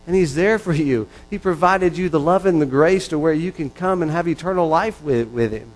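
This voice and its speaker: A man's voice: a little high, low-quality recording. A man preaching a sermon in an earnest, repetitive style that builds in intensity. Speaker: pastor.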